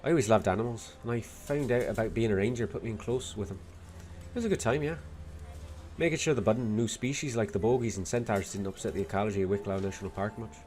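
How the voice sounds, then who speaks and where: A man voicing a tough, blunt Irish woman in a video game, with a put-on Dublin accent carrying a Scottish lilt and a rough, salty way of talking. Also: lowish voice, fast, a little mellow, faint music behind, close to an everyday voice. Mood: storytelling. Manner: gruff, salty, rough-spoken.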